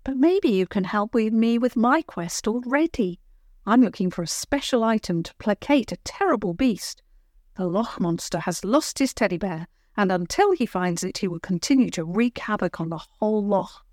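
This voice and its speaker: A woman's voice: medium pitch, lively intonation, moderate pace, dry recording, clean studio sound, lightly acted. Woman doing a brave young princess, kind, earnest, friendly, storybook. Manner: urgent and warm, friendly.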